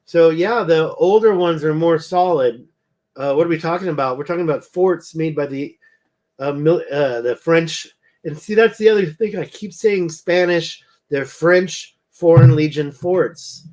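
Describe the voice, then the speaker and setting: This man has a somewhat high voice and sounds worn out. He hosts a casual livestream and rambles, thinking aloud as he looks over pictures. He keeps wondering out loud and trailing off. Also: measured pace. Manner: rambling, thinking aloud while browsing photos. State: tired, yawning. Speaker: livestream host.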